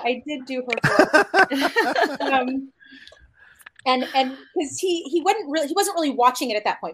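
High-voiced woman telling a story. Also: fairly bright tone. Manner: anecdotal, acts out quoted dialogue. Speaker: actor and panel guest. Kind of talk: casual panel storytelling.

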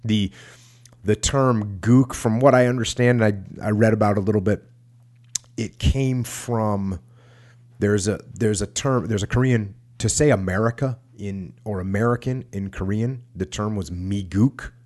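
Male host, low voice, reads aloud with loose conversational asides. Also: unhurried, darkish tone. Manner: conversational, frequent restarts and asides. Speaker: podcast host reading a war memoir. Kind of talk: reading aloud with casual commentary.

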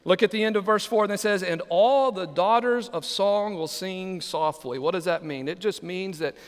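Male pastor, high voice, playful sermon with questions to the pews, live hall reverb. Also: normal speed. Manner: humorous, asks the congregation questions. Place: church sanctuary.

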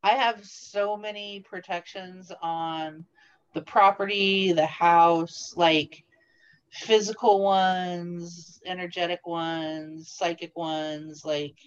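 A woman guest on a podcast, chatting casually in a relaxed, matter-of-fact way. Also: fairly low pitch, slow pace, clear, resonant tone, dull audio. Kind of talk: casual chat.

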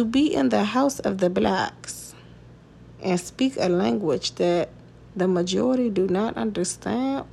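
A woman's voice: fairly low pitch, vocal fry, a little mellow, a little hiss or hum. A woman hosting a podcast in a casual monologue, talking bluntly, swearing and laughing often. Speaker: podcast host.

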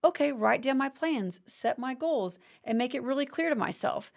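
Expressive woman podcast host, fairly high voice. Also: moderate pace, gravelly. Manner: expressive, acts out complaining prayers. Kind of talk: faith-based teaching podcast.

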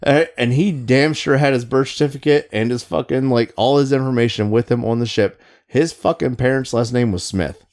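A man casually telling a profane, animated story about a shipmate from his Navy days. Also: medium pitch, moderate pace. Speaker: storyteller recalling Navy service. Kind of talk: casual podcast chat.

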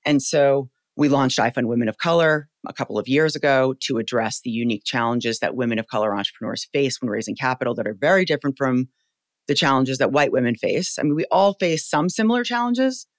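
A woman in her forties with a very deep voice, telling stories as a guest in an animated, emphatic, casual way. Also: a little fast, no echo. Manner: animated, emphatic, salty storytelling with "like" fillers. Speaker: podcast guest, company founder. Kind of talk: casual interview chat.

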